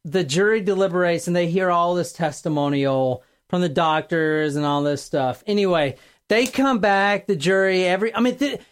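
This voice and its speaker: Profane, animated woman telling a crime story. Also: on the low side, moderate pace. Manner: animated, profane, acts out quotes. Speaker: podcast host. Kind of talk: casual true-crime storytelling.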